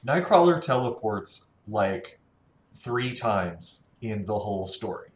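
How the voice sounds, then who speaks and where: A podcast co-host with a lowish voice speaks slowly, chatting about comics in an easygoing, enthusiastic way full of relaxed fillers. The room is echoey with faint noise.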